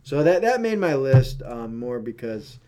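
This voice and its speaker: A man's voice: mid-range voice, big pitch swings, unhurried, warm tone. A man co-hosting a casual chat, rambling with many fillers and teasing his partner. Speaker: podcast co-host.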